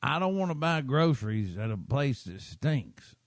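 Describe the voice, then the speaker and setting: Gravelly man telling a story. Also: mid-range voice, big pitch swings, moderate pace, no echo, clean studio sound. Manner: chatty, keeps checking in with listeners; self-deprecating. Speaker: podcast host. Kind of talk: rambling casual storytelling.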